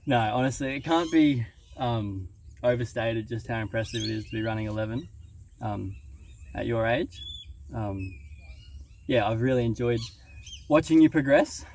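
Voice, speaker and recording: A man's voice: mid-range voice, unhurried, long pauses, darkish tone, slight background noise. An Australian man and waterski coach holding a casual, joking interview outdoors by a lake, with frequent ums. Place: outdoors by a lake on a sunny day. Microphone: video camera on site.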